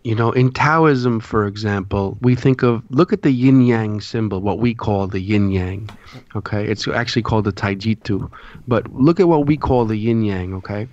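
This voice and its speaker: A man's voice: on the low side, a little mellow, no echo, muffled recording. A man, a podcast guest, explaining symbolism in a lecturing way, often checking in with his listeners.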